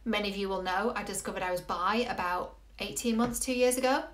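A woman's voice: mid-range voice, brisk. A woman, coaching viewers earnestly and asking many rhetorical questions. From England. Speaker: relationship coach. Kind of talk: motivational video talk. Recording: roomy echo.

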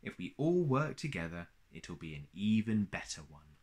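A man's voice: on the low side, sing-song, normal speed, a little mellow. A man voicing a friendly, teasing young boy in a storybook. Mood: cheerful. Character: cheerful kind young boy.

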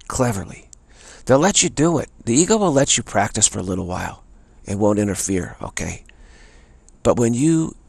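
A man giving an earnest spiritual teaching talk, repeating phrases and softly chanting a mantra. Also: on the low side, creaky, breathy edge, no echo.

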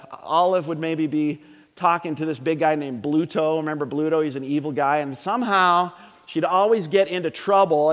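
A middle-aged man preaching a sermon in a church, talking conversationally and joking with the congregation. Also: fairly high pitch. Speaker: pastor. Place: church sanctuary. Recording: long hall reverb.

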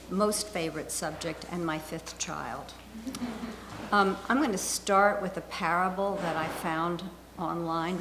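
A woman's voice: on the low side, background noise. An older woman giving an informal talk as guest speaker, chatty and stumbling over words now and then. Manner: chatty, with slips and self-corrections. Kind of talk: informal lecture, reading a joke aloud.

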